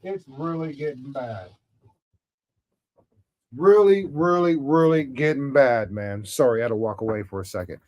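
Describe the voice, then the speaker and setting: A man's voice: mid-range voice, moderate pace, a little mellow, lo-fi sound. A man giving an off-the-cuff political rant to camera, emphatic and repetitive, stammering often and ending phrases with "man". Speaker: political commentator vlogger.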